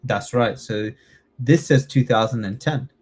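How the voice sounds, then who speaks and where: Speaking a little slowly in a mid-range voice that's slightly mellow with a breathy edge, this British man runs a live online class preparing students for the citizenship test. Chatty and supportive, he quizzes them and keeps asking "yeah?" to check in.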